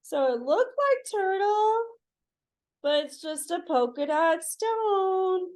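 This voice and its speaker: A woman reading a picture book aloud to children, pausing to ask listeners to fill in the words. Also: very high voice, animated, darkish tone. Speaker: children's story reader.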